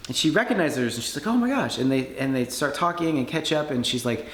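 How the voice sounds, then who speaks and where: Man telling a story with animated energy. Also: medium pitch, fast talker. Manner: animated storyteller, acts out quoted voices. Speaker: conference speaker. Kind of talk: storytelling talk. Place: conference hall. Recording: echoey room with faint background noise.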